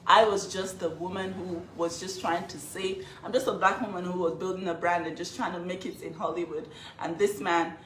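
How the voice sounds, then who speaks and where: A woman's voice: on the low side, fairly even intonation, moderate pace, hardly any pauses. Woman holding back tears, echoey room. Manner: emotional, fighting back tears. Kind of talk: emotional vlog statement. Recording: echoey room, faint noise.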